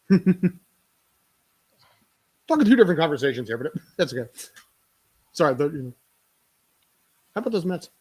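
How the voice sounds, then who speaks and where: A man with a husky, breathy voice chats casually while watching a film with friends. He keeps dropping joking asides and laughing between remarks. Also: a little high, sing-song, normal speed, long pauses, dark tone. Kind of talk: casual watch-party chat.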